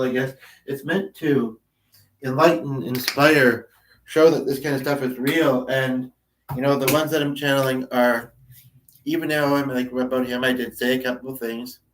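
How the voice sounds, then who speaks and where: A man's voice: mid-range voice, slight background noise. A man talking through his thoughts in a casual, meandering, hesitant monologue. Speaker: vlogger, spiritual channeler. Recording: roomy, distant mic.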